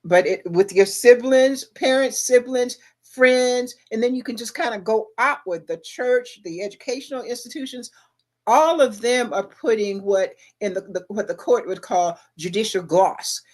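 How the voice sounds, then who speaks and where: A middle-aged woman, co-hosting a relaxed livestream show, keeps asking the listener rhetorical questions. She sounds emphatic and a little preachy, with a darkish voice on the high side and a moderate pace.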